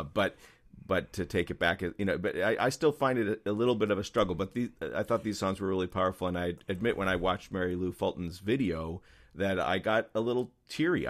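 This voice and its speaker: A man in a casual conversation, speaking earnestly and reflectively, often hesitating and restarting as he works through his thoughts. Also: sits low.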